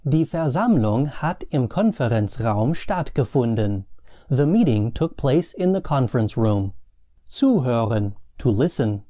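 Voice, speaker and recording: A man giving a scripted grammar lesson, reading the example sentences slowly and carefully. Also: mid-range voice, big pitch swings, warm tone. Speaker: language teacher.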